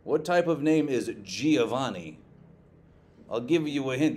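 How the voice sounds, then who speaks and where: A male teacher giving a classroom lecture, lively, quizzing his students and checking in with "okay" often. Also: fairly high pitch, moderate pace.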